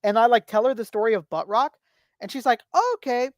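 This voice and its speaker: A man's voice: high-pitched, fast talker, dry recording, studio quality. A man co-hosting a casual podcast, telling rambling anecdotes and swearing freely. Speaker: podcast co-host.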